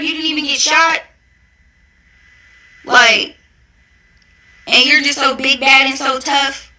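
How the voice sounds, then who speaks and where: Sharp-voiced young woman in a profane rant. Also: high-pitched, poor audio. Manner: profane, confrontational and taunting. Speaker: reality show cast member. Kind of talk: angry social media rant.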